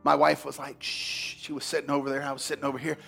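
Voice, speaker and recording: A man preaching a sermon as pastor, swinging from loud, fervent emphasis to quiet asides. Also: mid-range voice, completely flat delivery, racing, gravelly, faint music behind.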